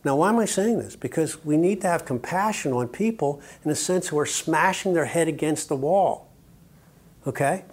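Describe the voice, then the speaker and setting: A man's voice: on the high side, animated, normal speed, slightly rough. Older man preaching with emphatic asides. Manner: emphatic, with joking asides and frequent "okay?" checks. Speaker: conference speaker. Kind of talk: sermon-style teaching talk.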